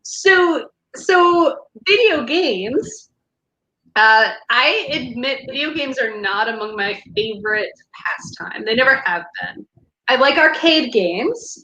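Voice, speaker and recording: A woman's voice: on the high side, sharp tone. A woman co-hosting a casual chat show, talking loosely with many restarts and laughs. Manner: chatty, laughing, lots of fillers and restarts. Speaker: podcast co-host. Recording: echoey room.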